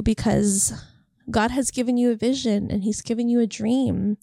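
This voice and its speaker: A woman's voice: mid-range voice, fairly even intonation, normal speed, gravelly, darkish tone, no echo, clean studio sound. A young woman talking casually and earnestly to camera about faith and encouragement, rambling and heartfelt. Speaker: faith vlogger. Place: California.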